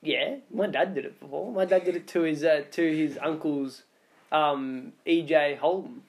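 A man's voice: a little high, moderate pace. A young Australian man co-hosting a podcast, blunt and teasing in casual chat. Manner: blunt, teasing, laughs often. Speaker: podcast co-host.

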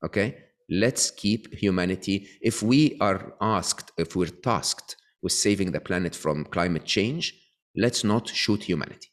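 A man's voice: low voice, a little slow. A man being interviewed as an author, explaining his views and often checking in with "okay?" and restarting his sentences. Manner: frequent tag questions and restarts. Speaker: guest author.

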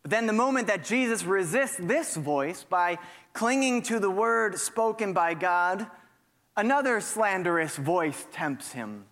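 Slow, high-voiced pastor preaching. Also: male voice, expressive, a bit bright, long reverb tail. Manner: reflective, asks listeners rhetorical questions. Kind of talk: sermon.

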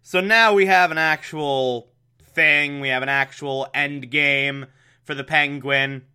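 Male host, casual comic recap, wry and chatty, bright, slightly high voice. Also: steady tone, slow, clean tone. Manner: wry, chatty, laughing asides. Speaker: show host recapping an episode.

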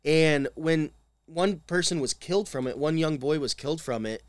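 A man co-hosting a casual podcast, walking through a history story point by point with wry asides. His voice sits a bit high for a man, and the recording is close and dry, with no room sound. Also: normal speed, dry recording. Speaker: podcast co-host.

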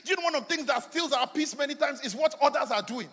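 A man preaching a sermon, swinging between loud declarations and quiet asides. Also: quick pace. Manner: animated preaching, swinging from shouts to low asides. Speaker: pastor. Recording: long hall reverb.

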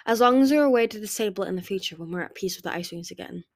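Woman reader as a worried young female dragon seer in a storybook, urgent, mid-pitched voice. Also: racing, gravelly, no echo, clean studio sound.

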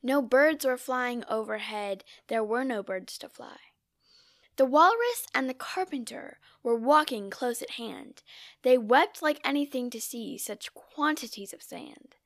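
A woman reads a narrative poem aloud with a gravelly, slightly high voice. Her delivery is measured and theatrical, and it sometimes sinks to a whisper. The sound is close and dry. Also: lively intonation, no room sound. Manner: measured, theatrical reading with sudden drops to a whisper. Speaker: poetry reader. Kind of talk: poetry recitation.

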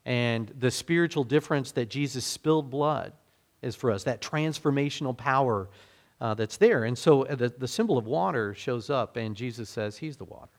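A male pastor preaching in a loose, talky style, stopping to restart his thoughts and filling pauses with ums. His voice sits at a middling pitch. He explains scripture like he is chatting with his congregation. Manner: conversational, self-deprecating, many fillers and restarts. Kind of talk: sermon.

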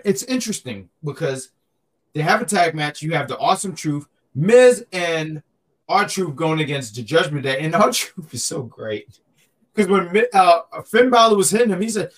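A man's voice: high voice, big pitch swings, normal speed. A man co-hosting a podcast, chatting casually and animatedly, joking and often repeating himself. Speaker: podcast co-host. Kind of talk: casual wrestling chat.

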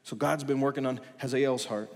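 A man's voice: medium pitch, fairly even intonation, brisk. A male pastor preaching a sermon, talking with emphasis and building his points through rhetorical questions. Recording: long hall reverb.

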